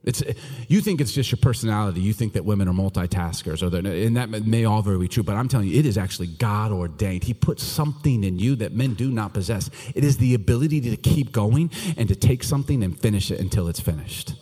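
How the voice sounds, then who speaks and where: A man preaching a sermon to his church, joking one moment and hushed the next. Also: lowish voice, fast talker, husky. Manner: animated, joking, swings between loud and hushed. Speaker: pastor. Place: church hall. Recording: long reverb of a large church hall.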